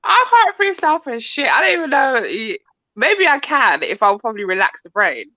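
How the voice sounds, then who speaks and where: Shy, self-deprecating woman guest, high and bright, very lively pitch, dry mic. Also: moderate pace, dry recording, highs cut off. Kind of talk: casual livestream chat.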